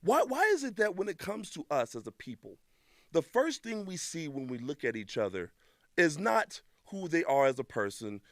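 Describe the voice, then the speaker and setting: A man's voice: fairly high pitch, moderate pace, dry recording, clean studio sound. A man hosting a podcast segment, reading out viewer memes and reacting with mock-angry outbursts. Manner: animated, mock-angry outbursts, shouting at times.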